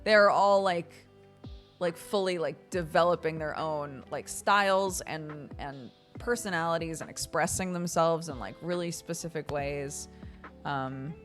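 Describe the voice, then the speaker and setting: A woman's voice: sits low, a little slow, a bit bright, faint music behind. An American woman in her thirties, a streamer chatting casually and telling stories with lots of laughter, acting out the voices of people she quotes. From United States. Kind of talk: casual chat.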